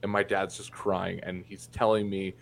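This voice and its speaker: A man from Indiana speaks as a guest in a casual interview, his voice sitting low. He tells stories candidly and profanely, full of fillers and restarts. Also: little pitch movement, moderate pace, gravelly, slight background noise. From Indiana, USA. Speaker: podcast guest.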